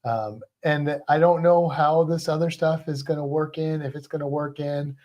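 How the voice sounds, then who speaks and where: A woman with an exceptionally low, deep voice co-hosts a relaxed home livestream. She chats in a loose, teasing way and greets viewers one by one, speaking from a home podcast studio. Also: moderate pace, muffled recording. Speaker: co-host of a livestream about pets. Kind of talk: casual livestream chat.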